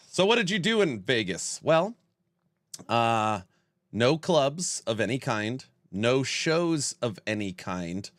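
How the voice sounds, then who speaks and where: A man's voice: mid-range voice, very animated, takes it slowly, no echo, clean studio sound. A man in his forties hosting a casual livestream and reading chat aloud. He sounds stuffed up and worn out and talks in a rambling, self-mocking way. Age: 40s. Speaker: streamer host.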